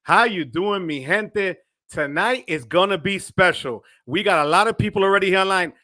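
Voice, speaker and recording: Male livestream host, dry close sound, upbeat shout-outs. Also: sits high, normal speed, no echo. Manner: hypes up viewers with shout-outs. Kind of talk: energetic livestream chat. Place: home studio.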